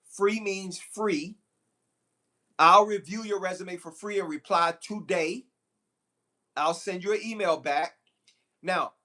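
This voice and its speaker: Man, recruiter, live stream talk, high voice, animated, repetitive emphasis. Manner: animated, preachy, repeats phrases for emphasis.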